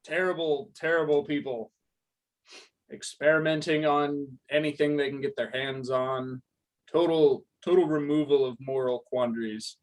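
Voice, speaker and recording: A man's voice: on the high side, steady tone, normal speed, rough recording. Man playing his character with dry replies. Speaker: player. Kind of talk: in-character tabletop play.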